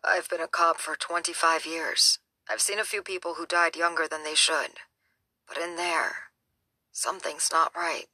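Weary sheriff, gruff and matter-of-fact, read by a woman, low voice, dry sound. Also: fairly even intonation, moderate pace, pushed and bright, no echo, exaggerated voice. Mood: grim. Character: weary middle-aged male sheriff, blunt.

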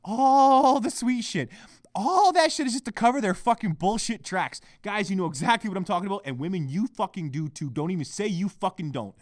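A man's voice: high voice, expressive, fast, hardly any pauses, no room sound, clean studio sound. A man hosting his own podcast, ranting heatedly and swearing constantly, recorded at home on a microphone. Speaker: podcast host. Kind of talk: solo podcast rant. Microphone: microphone at a laptop.

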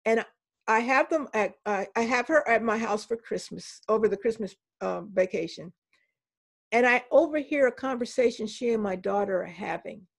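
An older woman with a slightly high voice tells stories from her teaching life in a relaxed interview. She is animated and slips into the voices of children and teachers as she goes. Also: moderate pace, creaky, slightly rough. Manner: animated anecdotes, voices the people she quotes. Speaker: professor and interview guest. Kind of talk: storytelling in a conversational interview.

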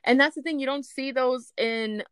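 Gushing woman with a smooth voice. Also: sits high, moderate pace, a bit bright, no room sound, clean studio sound. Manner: gushing, breathless, jumps into squeals. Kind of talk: excited fan chat. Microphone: speakerphone call.

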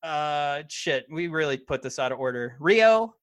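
A man's voice: fairly high pitch, lively intonation, a little slow, smooth, no room sound. A man co-hosting a casual podcast, talking with lots of fillers and restarts. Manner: hesitant, many fillers and restarts. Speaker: podcast co-host. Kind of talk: casual wrestling podcast chat.

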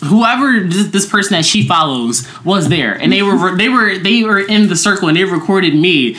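Hoarse young woman, animated storyteller. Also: moderate pace, hardly any pauses, a little hiss or hum. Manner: animated storyteller, acts out quotes in high voices. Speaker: podcast co-host. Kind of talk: casual chat.

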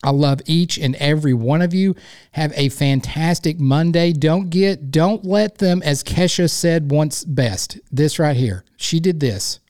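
A man's voice: fairly high pitch, unhurried. Rambling man hosting a podcast. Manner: rambling, folksy and playful, warmly effusive sign-off. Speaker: podcast host. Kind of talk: casual solo podcast monologue.

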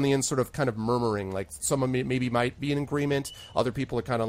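Man, game master, hesitant, lots of ums, middle pitch. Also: steady tone, quick pace, few pauses. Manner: hesitant, many fillers. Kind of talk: narrating a tabletop game.

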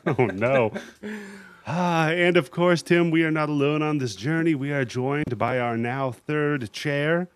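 A young man hosting a horror movie podcast, talking in a relaxed, joking way and swearing casually. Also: a little high, measured pace, clean tone, no room sound. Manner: laid-back, jokey, swears casually. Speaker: podcast host.

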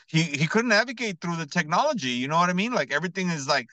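A man's voice: fairly high pitch, fast, no room sound, poor audio. Slangy man telling an earnest story. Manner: slangy, fills talk with "bro" and "you know what I mean"; earnest, builds to excited emphasis. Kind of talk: casual storytelling.

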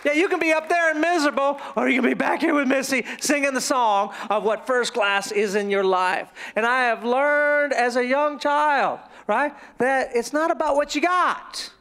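A male pastor preaching a sermon in a church, telling stories with animated, playful asides. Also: very high-pitched, moderate pace, few pauses, clean tone, a faint crowd. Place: church sanctuary.

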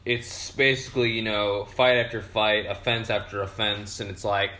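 A man's voice: fairly low pitch, level tone, moderate pace, bright, forceful tone. A young man hosting a podcast, tipsy from beer, rambling through a casual monologue full of swearing and fillers. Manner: profane, meandering, frequent fillers. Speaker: podcast host. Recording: roomy echo.

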